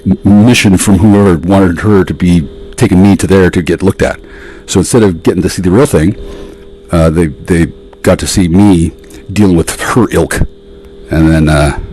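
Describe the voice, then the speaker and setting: A man in a rambling, profane monologue, sarcastic and ranting, with sudden jumps up in pitch. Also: a little mellow, husky, low-quality recording.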